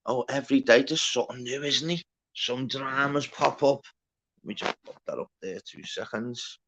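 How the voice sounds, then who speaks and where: A man's voice: mid-range voice, moderate pace, background noise. A man hosting a casual livestream, reading out the chat, greeting viewers by name and bantering with plenty of swearing. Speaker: livestream host.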